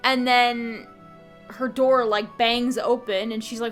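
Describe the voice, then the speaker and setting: A woman's voice: a little high, flat delivery, measured pace, fairly bright tone, faint music behind. A woman casually retelling a game's story as a channel host, chatty and full of fillers and restarts. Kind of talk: casual game story recap.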